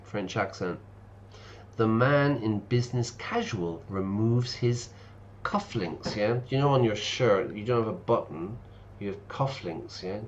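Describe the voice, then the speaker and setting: Talkative teacher-streamer man, lowish voice, dull lo-fi audio. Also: expressive, a little slow, a little hiss or hum. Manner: chatty, explains words and reads game text aloud. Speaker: English teacher streaming a game. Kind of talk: casual let's-play commentary.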